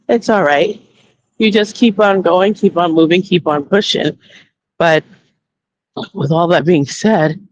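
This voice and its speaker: A woman's voice: on the low side, darkish tone, no room sound. Casual female vlogger, outdoors on foot, chatty storyteller who acts out the voices; mid-range voice, dry and slightly muffled audio. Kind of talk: casual spoken vlog. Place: outdoors, walking. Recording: dull lo-fi audio.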